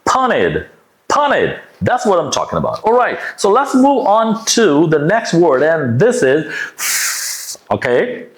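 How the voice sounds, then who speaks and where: A man teaching English pronunciation, modeling words slowly and exaggerating the sounds for learners to repeat. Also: fairly high pitch, wildly swooping pitch. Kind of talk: pronunciation lesson with drills. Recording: echoey room.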